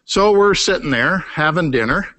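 A middle-aged man preaching a sermon, emphatic, repeating key words, climbing high for emphasis and then dropping low and quiet. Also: expressive, moderate pace. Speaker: pastor. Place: church sanctuary.

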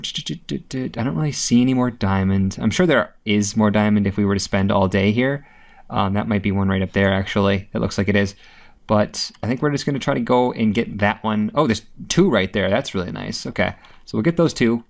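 Low-voiced man narrating his gameplay. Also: gravelly. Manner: chatty, rambling, with frequent swearing and filler ums. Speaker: gameplay video host. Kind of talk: casual gameplay commentary.

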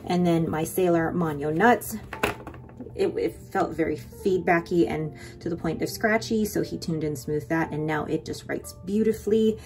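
A young adult woman talks through her purchases in an eager, rambling vlog voice, a little low in pitch. Faint music plays underneath her. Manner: chatty and excited, rambling with quick asides. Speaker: vlogger. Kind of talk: casual haul vlog.

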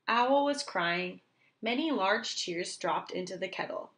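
Woman reader, children's read-aloud, clear and expressive, gentle pacing. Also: lowish voice. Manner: slow, clear and expressive for young listeners.

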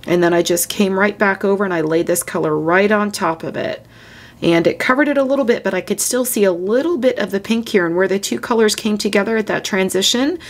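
Chatty woman demonstrating coloring. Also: mid-range voice. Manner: gushing, chatty, talks while working. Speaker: coloring tutorial host. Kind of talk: casual step-by-step demonstration.

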